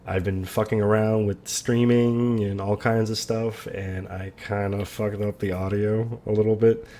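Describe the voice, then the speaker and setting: A man's voice: lowish voice, flat delivery, measured pace, dark tone. A man chatting casually in a vlog about a TV show, loose, profane and rambling. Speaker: vlogger reacting to a TV show. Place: at home, late at night. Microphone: webcam microphone. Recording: echoey webcam mic from far off.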